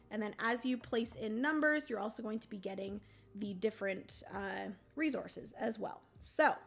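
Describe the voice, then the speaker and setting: A woman hosting a board game livestream, explaining the rules casually with many ums and a throaty morning voice that she keeps clearing. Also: fairly high pitch. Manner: chatty, many ums, thinks aloud.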